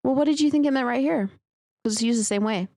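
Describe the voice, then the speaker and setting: A woman's voice: fairly high pitch, fast talker, mellow. Chatty woman co-hosting a podcast. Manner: chatty, searches for words, uses many fillers. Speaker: podcast co-host. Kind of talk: casual chat about reader stories.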